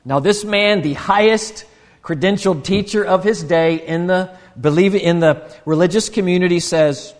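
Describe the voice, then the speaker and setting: A man's voice: high voice, moderate pace, in a large hall. A man, preaching a sermon in an earnest, conversational way with frequent restarts. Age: 50s. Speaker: pastor.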